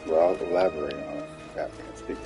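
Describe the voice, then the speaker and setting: Deep-voiced man mocking a game. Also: steady tone, fast talker, over music, low-quality recording. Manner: mocking, laughing often. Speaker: commentator reacting to game footage. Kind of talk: casual commentary.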